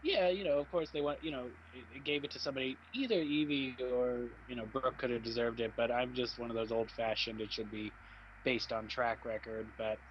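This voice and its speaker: A man's voice: medium pitch, fairly even intonation, brisk. Young guy rambling on a stream, has opinions on everything, kinda dull lo-fi mic with a bit of hiss. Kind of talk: casual chat.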